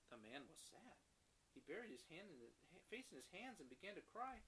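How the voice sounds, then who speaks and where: A father reading a picture book aloud to his young daughter, animated and stopping to explain words. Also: a little high, normal speed, a little hiss or hum, low-quality recording.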